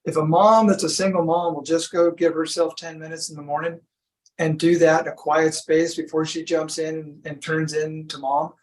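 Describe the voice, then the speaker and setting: A man guest in a relaxed interview, talking about breath work in a laid-back, storytelling way. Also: fairly high pitch, moderate pace, low-quality recording. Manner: laid-back, storytelling, says "you know" often. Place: from Sacramento.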